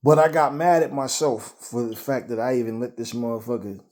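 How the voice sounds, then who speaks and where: Male host, mellow mid-pitched voice, casual profane storyteller who rambles. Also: a little fast. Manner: profane, rambling, repeats words. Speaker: boxing channel host.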